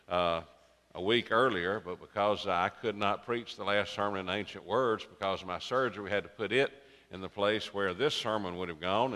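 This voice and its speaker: Older preacher in a reverberant sanctuary. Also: male voice, lowish voice, a bit bright. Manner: folksy, unhurried preaching with rising emphasis. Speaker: pastor. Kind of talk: sermon. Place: church sanctuary.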